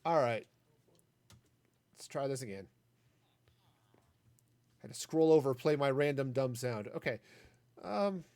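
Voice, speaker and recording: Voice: medium pitch, animated, unhurried, long pauses, a little mellow. A gaming streamer in their forties chatting casually while playing, rambling into asides and silly puns.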